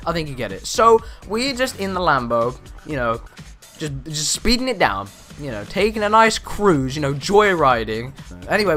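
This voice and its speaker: A teenage boy vlogging, telling rambling stories with lots of fillers. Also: fairly high pitch. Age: teens. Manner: rambling, animated, lots of "you know" fillers. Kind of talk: casual storytelling vlog.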